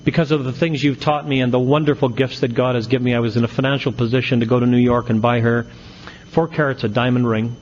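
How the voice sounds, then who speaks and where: A man's voice: mid-range voice, fairly even intonation, fast talker, lo-fi sound, slight background noise. A middle-aged man speaking at an AA meeting, telling his recovery story with folksy, self-mocking humor and punchy comic timing.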